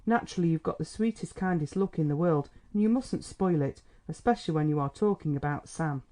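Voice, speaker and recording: A man's voice: fairly high pitch, brisk, mellow, close to an everyday voice. A man reading an audiobook, voicing a cheerful young woman who sweetly teases and coaxes her father. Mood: coaxing. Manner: sweet, teasing and coaxing. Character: cheerful coaxing young woman, a doctor's daughter.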